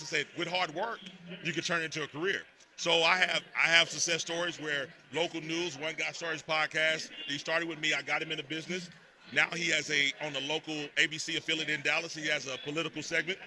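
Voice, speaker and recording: A man from Texas, a podcast guest telling stories in a lively, emphatic way at a live event. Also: on the high side. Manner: animated storytelling, emphatic repetitions. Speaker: podcast network host, guest. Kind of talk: casual interview talk.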